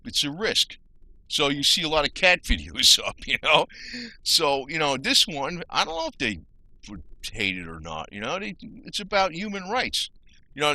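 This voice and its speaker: A man's voice: mid-range voice, sharp tone, dry recording, poor audio. A man with a New Jersey accent ranting heatedly in a casual video, rambling with restarts and mild swearing. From New Jersey, USA. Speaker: channel host.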